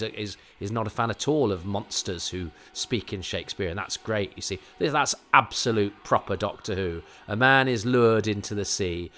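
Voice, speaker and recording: A man's voice: on the low side, fairly bright tone. A middle-aged man with an English Received Pronunciation accent, chatting casually as a podcast host, rambling with lots of fillers and restarts. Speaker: podcast host reviewing a TV episode. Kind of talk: casual reflective commentary.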